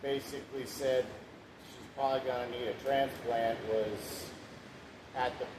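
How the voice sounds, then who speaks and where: Speaking at a measured pace in a steady, mid-range voice, a husband in his thirties recounts his life story from a room at home. He's plainspoken and rambling, swearing now and then, and the echoey recording carries a background hiss.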